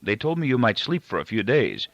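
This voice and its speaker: A man reading as a soft, husky, worried old father. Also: medium pitch, big pitch swings, fairly quick, no echo, pitched above the performer's own voice. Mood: anxious, soothing. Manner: formal, careful phrasing with hesitations. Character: soft-spoken, frail, worried gray-haired father. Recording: dull, dry lo-fi recording.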